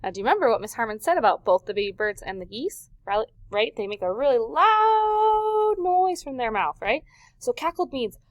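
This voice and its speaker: A woman teacher giving a recorded vocabulary lesson to young children, animated and full of questions, stretching words for emphasis. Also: medium pitch, quick pace, no room sound.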